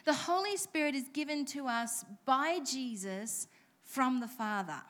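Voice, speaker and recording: A woman's voice: sits high, expressive, measured pace, fairly bright tone. A woman preaching a sermon in church, telling stories with playful self-deprecating asides. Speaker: pastor.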